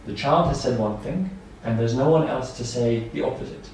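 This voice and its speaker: Speaking at a moderate pace, this man has a mid-range, darkish voice over slight background noise. He's giving a training lecture to nursery staff, keeping it simple and going back over points with everyday examples. The echoey training room is captured from a distance.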